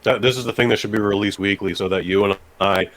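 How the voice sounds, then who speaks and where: A man's voice: on the low side, fairly even intonation, fast, a bit bright. A man co-hosting a podcast in casual chat, laid-back and responsive. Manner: laid-back, frequent backchannel and laughs. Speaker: podcast co-host.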